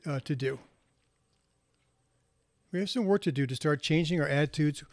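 A man giving a reflective talk, telling moral stories gently and unhurriedly, with pauses and small restarts. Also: on the high side, dry recording, clean studio sound. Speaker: speaker sharing moral stories.

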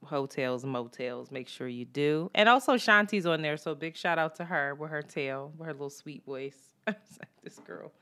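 Low-pitched woman hosting a casual podcast. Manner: casual, swearing, quick shout-outs. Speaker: podcast host.

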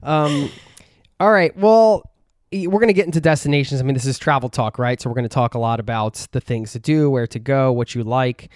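A man hosting a casual travel podcast and talking in an easygoing, animated way. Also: medium pitch, brisk, no room sound, clean studio sound. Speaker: podcast host.

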